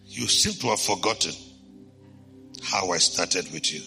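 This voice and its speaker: A man voicing God, speaking slowly, quietly and solemnly. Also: sits low, lively intonation, vocal fry, faint music behind, voice pushed down, exaggerated voice.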